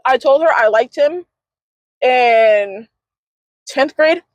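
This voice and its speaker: A woman's voice: high voice, slow, no echo, highs cut off. A young woman telling stories animatedly in a casual gossip chat, recorded in a parked car. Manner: animated storytelling, acts out quotes. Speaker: co-host.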